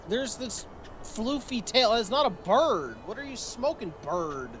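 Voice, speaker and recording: A man's voice: high voice, animated, a little slow, slight background noise, low-quality recording. A man streaming a strategy game, reading event text aloud and adding joking, sarcastic commentary.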